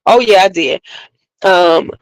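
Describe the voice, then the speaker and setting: Chatty woman vlogger, animated and talking straight to viewers, recorded dry and close. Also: on the low side, slow, no echo, low-quality recording. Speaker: beauty vlogger. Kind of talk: casual livestream chat.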